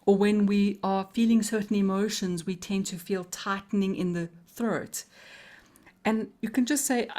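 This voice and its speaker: A woman coaching trainer teaching a live webinar. She speaks calmly and melodically, slows down with deliberate pauses, and laughs easily. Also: medium pitch.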